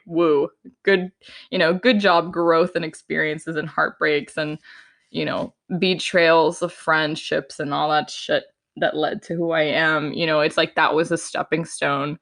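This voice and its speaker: A woman's voice: low voice, level tone, moderate pace, a bit bright. A young woman hosting a solo podcast, chatting frankly and casually, full of fillers, sometimes acting out her own inner voice. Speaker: podcast host.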